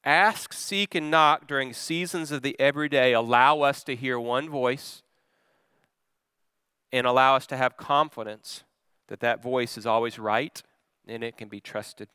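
A middle-aged man, a pastor, preaching a sermon and telling a personal story in an expressive way that swings from calm to loud. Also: mid-range voice, a little slow, smooth, no echo.

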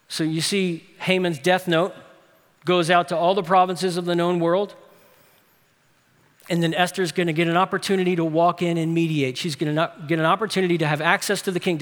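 A man preaches in a church sanctuary, his voice sitting high for a man. He builds to loud, urgent peaks, then drops into hushed, low asides. A long reverb from the hall trails each phrase. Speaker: pastor. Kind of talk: sermon.

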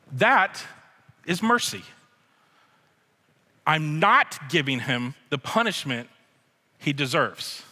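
A man preaching a sermon as pastor, emphatic, slowing down and repeating his key phrases. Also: sits high, big pitch swings, sharp tone. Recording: long hall reverb.

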